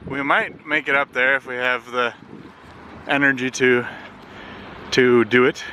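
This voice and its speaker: A man's voice: medium pitch, unhurried, lo-fi sound, a little hiss or hum. A tired Canadian man narrating a casual travel vlog, rambling with lots of fillers as he walks around. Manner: relaxed, rambling with many fillers. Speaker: travel vlogger. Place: outdoors on city streets. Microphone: handheld compact camera.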